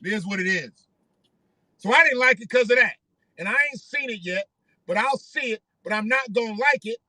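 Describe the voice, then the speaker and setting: A man with a high, piercing voice talks straight into a close microphone in a dry, dead-sounding space. He rambles through casual live-stream commentary, swearing freely and circling back to repeat his points. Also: a little fast, pushed and bright, dry recording. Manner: rambling, profane, repeats himself. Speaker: livestream host.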